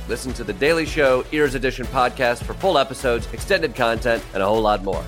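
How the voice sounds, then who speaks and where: A man's voice: mid-range voice, fairly bright tone. A man reading a scripted podcast promo in an upbeat tone. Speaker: announcer.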